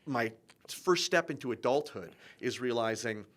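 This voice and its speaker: A man's voice: medium pitch, expressive, brisk. A man talking casually on a podcast, reflective and acting out the lines he quotes. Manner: reflective, builds long arguments, acts out quoted lines. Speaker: filmmaker.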